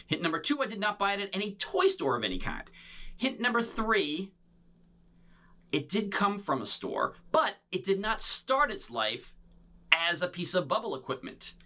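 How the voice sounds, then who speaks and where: Man, children's bubble performer, playful, interactive kids' show, bright tone, slightly higher pitch. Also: normal speed. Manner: playful, talks to unseen young audience; animated and showy.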